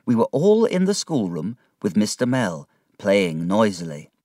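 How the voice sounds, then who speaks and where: A man narrating a storybook in a slow, clear, expressive reading. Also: lowish voice, dry recording, studio quality. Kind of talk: storybook narration read aloud.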